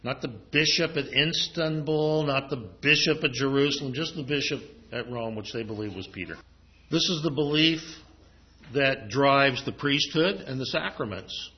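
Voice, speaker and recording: A man's voice: medium pitch, moderate pace. A man preaching a sermon in a conversational way, reading scripture aloud as he goes. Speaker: pastor. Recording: muffled lo-fi recording.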